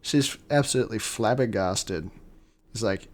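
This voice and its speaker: A man's voice: medium pitch, takes it slowly. A man co-hosting a podcast, casually recapping a film, swearing and acting out the lines. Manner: animated, swearing, acts out lines. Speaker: podcast co-host.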